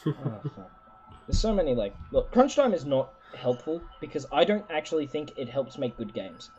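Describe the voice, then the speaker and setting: Animated, swearing man on a dull mic. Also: medium pitch, moderate pace, slight background noise. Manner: animated, swears freely, opinionated. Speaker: podcast co-host. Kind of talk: casual gaming chat.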